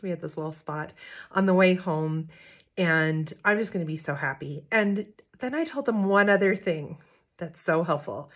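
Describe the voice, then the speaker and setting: A middle-aged woman, a parenting coach, telling a lively family story to camera, laughing often and acting out what her kids said. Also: lowish voice. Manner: animated, laughs often, acts out quotes.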